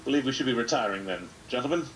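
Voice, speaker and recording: A man's voice: medium pitch, animated, racing, distant mic, a little hiss or hum, natural voice, low-quality recording. A man voicing a polite, posh-sounding male goblin. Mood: apologetic. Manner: overly courteous, apologetic.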